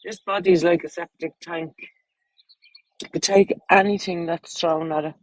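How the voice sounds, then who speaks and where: A woman's voice: on the low side, steady tone, moderate pace, no room sound, rough recording. An Irish woman with children, chatting bluntly and crudely on a casual livestream, rambling from topic to topic. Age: adult, with children.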